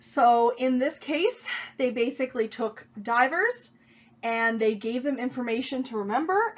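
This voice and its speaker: Her voice is medium-pitched and fairly bright as this instructor lectures online for a college class. She leans on fillers while explaining, is a bit stuffed up from a cold, and the recording sounds dull and lo-fi.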